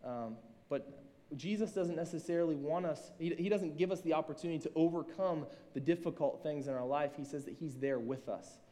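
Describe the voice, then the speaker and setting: A man, a school reading teacher, giving a sermon to a room and reading scripture slowly and deliberately. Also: a little high, dark tone. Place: room with an audience. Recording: long reverb from a large room.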